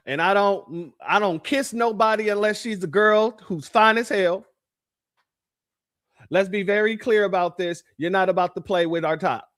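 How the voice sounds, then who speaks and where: High-voiced man hosting a livestream. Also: moderate pace, a bit bright. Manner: emphatic, repeats phrases, addresses chat as family. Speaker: livestream host. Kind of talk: livestream commentary.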